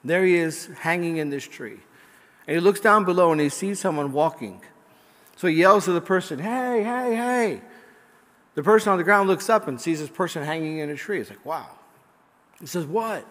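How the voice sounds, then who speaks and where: A man's voice: fairly high pitch, a little fast, fairly bright tone, long reverb tail. A male priest giving a homily, moving between light storytelling with jokes and fervent, emphatic preaching. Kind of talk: sermon.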